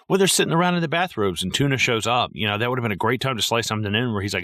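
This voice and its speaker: A man's voice: fairly low pitch, expressive, fast, hardly any pauses, pushed and bright, no echo, clean studio sound. A man co-hosting a podcast, talking casually and profanely about a film with lots of fillers. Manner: rambling and profane, with many fillers. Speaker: podcast co-host. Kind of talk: casual movie-review chat.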